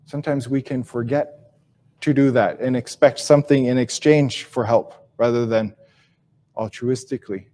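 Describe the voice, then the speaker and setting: A man giving a live teaching talk and telling a story, speaking slowly and reflectively, repeating and restarting phrases, his sentences fading softly at the ends. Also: mid-range voice, fairly even intonation. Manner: slow, reflective delivery with soft, trailing phrase endings; repeats and restarts phrases while searching for words. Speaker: Ojibwe language teacher and speaker.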